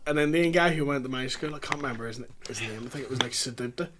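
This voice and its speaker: A man's voice: mid-range voice, quick pace, background noise. A man from the island of Ireland, co-hosting a podcast with blunt, sweary opinions. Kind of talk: casual podcast chat.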